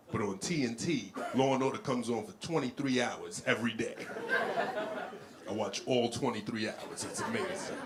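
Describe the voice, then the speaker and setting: A male stand-up comedian telling stories on stage in a loud, animated way. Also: medium pitch, a little hiss or hum. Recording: comedy club with a laughing crowd.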